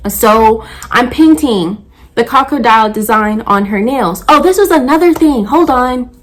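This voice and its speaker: A young woman nail artist telling a story about a client in a casual, heated, profane rant. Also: mid-range voice.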